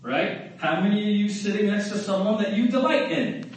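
A man's voice: sits high, lively intonation, normal speed. A man preaching a sermon in a church, talking to the congregation in an easy, conversational way, asking them questions and saying "right?" often. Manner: conversational, asks the crowd questions, repeats "right?". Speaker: pastor. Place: church sanctuary. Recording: very echoey hall, mic at a distance, faint noise.

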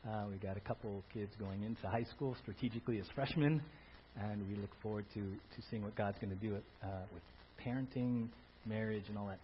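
A pastor addresses his congregation with animated energy, stopping and restarting with frequent fillers. The recording is dull and lo-fi, with a faint hum under his voice. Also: fairly low pitch, brisk. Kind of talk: church announcement. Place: church sanctuary.

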